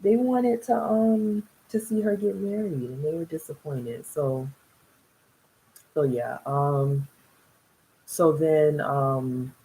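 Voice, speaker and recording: A woman's voice: sits low, slow pace, warm tone, low-quality recording. A young woman casually recapping a reality TV episode, chatty and rambling, often laughing between thoughts. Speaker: TV reality show reviewer.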